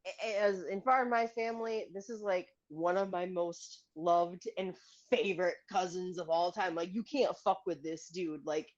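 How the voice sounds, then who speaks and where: A woman's voice: lowish voice, moderate pace, hardly any pauses, dull audio. A woman co-hosting a podcast, chatting in a blunt, profane, rambling way. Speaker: podcast co-host. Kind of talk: casual chat.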